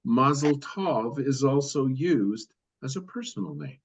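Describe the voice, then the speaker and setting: A man reading a text aloud in a study session, steady with occasional stumbles and self-corrections. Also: medium pitch, unhurried, breathy edge. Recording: dull lo-fi audio.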